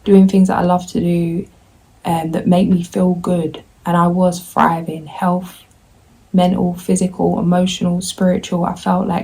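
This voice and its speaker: A woman's voice: fairly low pitch, flat delivery, measured pace, creaky, mellow, breathy edge, poor audio. A woman tarot reader talking candidly to her viewers in a rambling way, often voicing her own inner self-talk. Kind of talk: candid confessional vlog.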